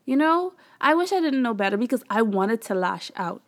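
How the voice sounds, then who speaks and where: A woman with a gravelly, fry-tinged voice talks candidly to her listeners about faith and marriage. She chats in a homey way and keeps calling them "y'all." Now and then she acts out her own past words in animated bursts. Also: a little high, a little fast. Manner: chatty, addresses listeners as "y'all". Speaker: podcast host.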